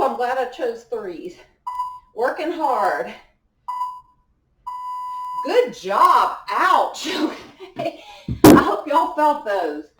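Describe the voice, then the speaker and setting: A woman's voice: mid-range voice, darkish tone. Breezy woman coaching a workout. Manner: encouraging coaching cues with small laughs. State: out of breath at times. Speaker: fitness instructor. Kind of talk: live workout class instruction. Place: indoor workout room. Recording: echoey room, voice from far off.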